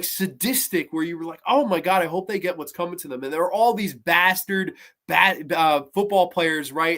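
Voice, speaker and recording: A man hosting a horror film review show, retelling scenes in a casual, excitable and profane way. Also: a little high.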